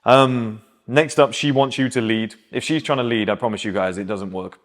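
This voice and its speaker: A man's voice: mid-range voice, moderate pace. A man, giving blunt, emphatic dating advice in a casual, conversational monologue. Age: 30s.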